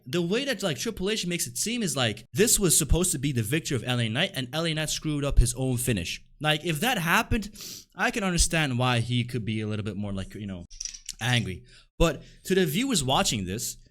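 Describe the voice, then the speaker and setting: Young male commentator, slightly higher voice, animated delivery, profane and heated ranter. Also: a little fast. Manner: profane, heated, constant "like" and "right?" fillers. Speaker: wrestling commentary YouTuber. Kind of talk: ranting video commentary.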